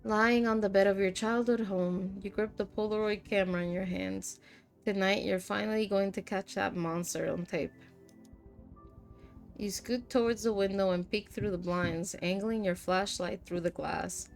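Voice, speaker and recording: A woman's voice: mid-range voice, steady tone, moderate pace, gravelly, soft background music. A woman streamer reading visual novel narration aloud in second person. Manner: reads narration in second person, breaks into laughs. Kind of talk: reading game text aloud.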